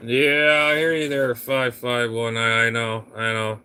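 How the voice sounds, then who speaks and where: A man's voice: medium pitch, flat delivery, unhurried, heavy background noise. A man on CB radio, chatting casually in a rambling, grumbling, fed-up way. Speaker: CB radio operator.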